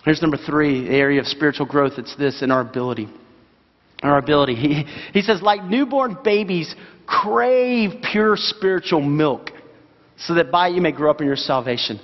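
A man's voice: medium pitch, fast talker. Pastor guy preaching, earnest, lots of questions to the crowd, dull muffled sound. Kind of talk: sermon. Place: church sanctuary. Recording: dull sound, long hall reverb.

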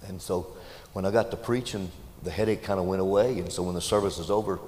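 A deep-voiced man preaches in a folksy, storytelling way, building to loud and emotional peaks. His voice rings through a large church hall with a long echo and faint background noise. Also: fairly even intonation, fast. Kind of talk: sermon storytelling.

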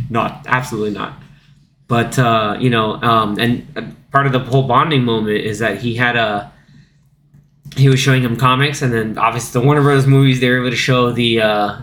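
A man's voice: medium pitch, steady tone, a little fast, fairly bright tone. This is a man in his thirties hosting a laid-back podcast in an ordinary mid-range voice. He talks loosely, piling on fillers, and slips into playful voices for the moments he retells. A faint hiss sits under his voice. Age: 30s. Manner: chatty, acts out lines from the film in quoted voices. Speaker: podcast host. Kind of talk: casual chat.

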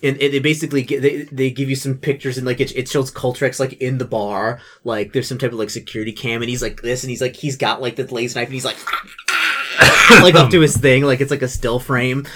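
A man's voice: mid-range voice, fast talker, few pauses, background noise. A man narrating a tabletop game as game master, rambling, with many fillers. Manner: rambling, filler-heavy, animated storytelling.

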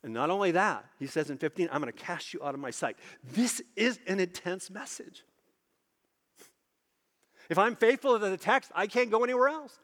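A man preaching a sermon, emphatic, repeating phrases for stress and slowing low on key points. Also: a bit bright, in a large hall.

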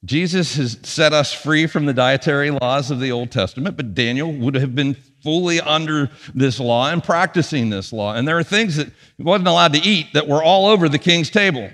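A man preaching a sermon as pastor, with punchy emphasis that drops to quiet asides. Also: fairly high pitch, moderate pace, hardly any pauses, long reverb tail. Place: church sanctuary.

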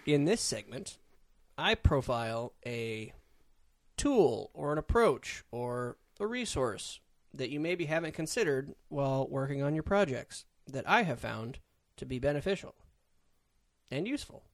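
A man's voice: mid-range voice, gravelly. A man co-hosting a casual comedy podcast, teasing his co-host and laughing often.

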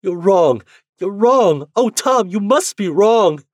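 A frightened young woman pleads through her tears, as a man reading the story puts her on. Her voice is raised higher than his own, and it sounds close and dry. She begs and protests. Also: sing-song, slow pace, darkish tone, dry recording, exaggerated voice. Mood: desperate.

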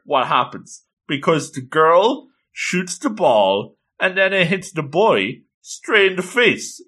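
A man's voice: a little high, big pitch swings, takes it slowly, hardly any pauses, sharp tone. A man casually recapping a story with playful, jokey asides.

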